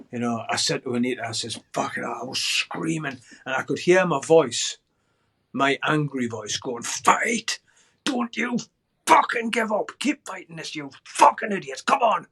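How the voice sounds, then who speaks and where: An older man recounting a story as a podcast guest. He talks in an animated way, swears freely and shouts out the lines he quotes. His voice sits at an everyday middle pitch. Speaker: guest musician.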